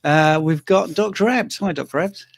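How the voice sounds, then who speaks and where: Jokey male host from the UK, slightly higher voice with gravelly grain, dry close sound. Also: normal speed, no echo. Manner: jokey, teasing, chatty. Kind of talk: live Q&A chat.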